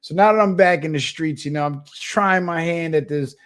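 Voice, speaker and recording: A young adult man hosting his channel, telling a funny story in a casual monologue, animated and profane, with laughs. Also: on the high side, normal speed. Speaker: channel host.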